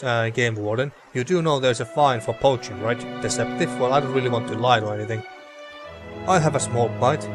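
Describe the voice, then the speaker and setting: A man hosting a let's play, reading game text aloud and chatting casually, often tripping over words and swearing. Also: mid-range voice. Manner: stumbling over words, loose and profane.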